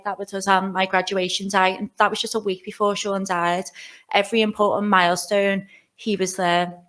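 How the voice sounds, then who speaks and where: A woman's voice: medium pitch, fairly bright tone. Nervous Liverpool woman giving a keynote. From Liverpool, England. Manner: nervous, candid, chatty with many fillers. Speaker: keynote speaker. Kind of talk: conference keynote talk. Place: conference hall stage.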